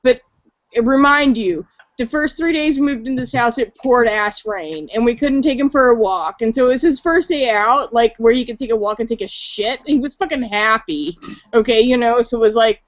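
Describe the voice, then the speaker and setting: A woman's voice: a little high, normal speed, no echo. Chatty tipsy woman on dull call audio. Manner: chatty, swearing, lots of filler 'like'. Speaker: guest on a call-in chat show. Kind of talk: casual storytelling.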